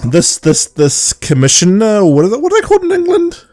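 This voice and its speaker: A man's voice: high-pitched, wildly swooping pitch, a little fast, darkish tone, dry recording, studio quality. A man co-hosting a podcast, recapping an episode in casual chat and mocking the characters in silly voices. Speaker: podcast co-host.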